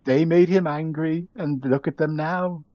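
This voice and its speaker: A man's voice: fairly high pitch, fairly even intonation, unhurried, dry recording, lo-fi sound, pitched above the performer's own voice, natural voice. A man voicing a grieving, half-mad middle-aged woman prisoner who rambles and pleads. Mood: giggling grief.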